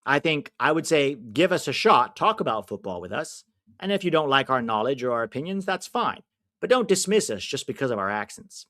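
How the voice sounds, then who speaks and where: A man's voice: mid-range voice, fairly quick. An American man hosting a live football watch-along, chatting with viewers and reacting to the match. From United States. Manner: chatty, answers viewers' comments, bursts of excitement at chances.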